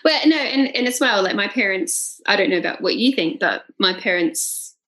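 A young woman, co-hosting a casual podcast chat, chatty and quick to laugh. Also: mid-range voice, lively intonation, a bit bright, low-quality recording. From Australia. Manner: chatty and giggly, mimics accents. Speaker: podcast co-host.

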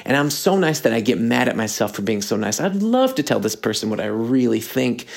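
A man's voice: mid-range voice, sing-song, fairly quick, gravelly. A young man hosting a casual solo podcast, rambling and aggrieved with many fillers and restarts, slightly sick. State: slightly sick, throat clearing. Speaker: podcast host.

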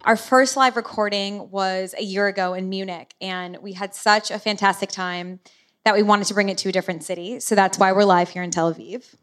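A woman hosting a podcast while sick and hoarse, telling a personal story openly from the stage. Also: mid-range voice, steady tone, brisk, soft background music. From United States. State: lost voice, sick. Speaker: podcast host. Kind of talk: podcast intro and live stage talk.

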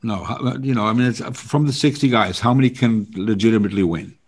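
A man's voice: fairly low pitch, fast talker, crowd noise. A man hosting a casual chat, hesitant and full of ums as he steers the conversation along. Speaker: host.

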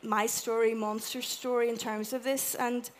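A woman with an Irish accent giving a chatty, animated talk to a live audience, acting out little quotes as she goes. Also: fairly high pitch, moderate pace, a little hiss or hum. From Ireland. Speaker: conference speaker. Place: event room with an audience.

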